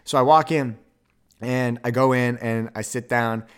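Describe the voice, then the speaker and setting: A young man hosting a podcast, telling a rambling story with quick self-corrections and an upbeat, animated manner. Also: mid-range voice, smooth. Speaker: podcast host. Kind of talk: casual monologue.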